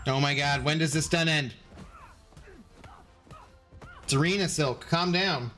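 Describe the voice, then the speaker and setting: A man's voice: on the high side, a little slow, pushed and bright, soft background music. Casual man chatting on a game stream. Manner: rambling, reads chat aloud and answers viewers. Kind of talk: casual live-stream chat while gaming.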